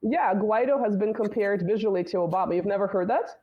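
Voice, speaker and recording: A woman's voice: medium pitch, brisk, lo-fi sound. A woman whose first language is Russian, chatting casually as a guest in an interview, wry and talkative, often tagging her points with "right?". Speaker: guest commentator.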